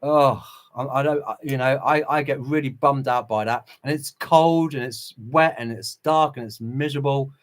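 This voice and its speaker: A man's voice: medium pitch, moderate pace, few pauses. A middle-aged man hosting a casual livestream, greeting chat viewers and preaching with passion and short chuckles. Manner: impassioned, preachy, chuckles between remarks. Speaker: livestream host.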